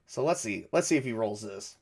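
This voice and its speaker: A man narrating a solo tabletop game, rolling dice and thinking aloud in a halting way with many fillers. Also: lowish voice, lively intonation, breathy edge. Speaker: game master.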